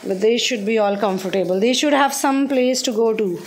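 A woman's voice: a little high, fairly quick. A woman, telling a spiritual story in a conversational way at home. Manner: warm, conversational, chatty storytelling. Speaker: spiritual counselor and channel host.

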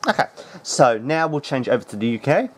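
Man, casual tutorial host, chatty, relaxed, mid pitch. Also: a little fast. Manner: relaxed, chatty, with frequent ums. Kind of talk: casual how-to walkthrough.

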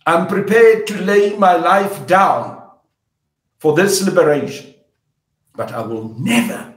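A man's voice: a little high, lively intonation, moderate pace, roomy sound. An older man with a South African accent, giving an angry, defiant public statement in an emphatic, declamatory way. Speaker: politician.

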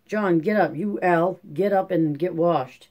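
Man reading as a brisk rural farm mother. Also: high-pitched, a little mellow. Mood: urgent, bossy. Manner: rural drawl with folksy dialect. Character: weary, determined middle-aged farm mother.

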